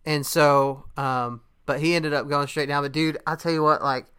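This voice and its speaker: A man's voice: fairly high pitch, fairly even intonation, normal speed, sharp tone, smooth. A young man in casual chat, a podcast host telling a story in a laid-back way, with lots of fillers and laughter.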